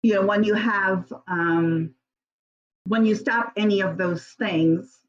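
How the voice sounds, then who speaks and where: A woman's voice: medium pitch, slow, lo-fi sound. A woman guest answering interview questions casually, rambling with many fillers and restarts and laughing often.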